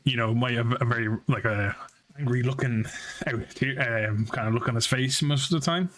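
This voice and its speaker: A man narrating a tabletop game as game master, relaxed and quick to laugh. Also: mid-range voice.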